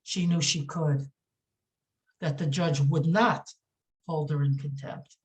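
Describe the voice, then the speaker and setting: Woman, low pitched, podcast guest, indignant, halting, many fillers, repeats words for emphasis. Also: fairly even intonation. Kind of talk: emotional podcast interview.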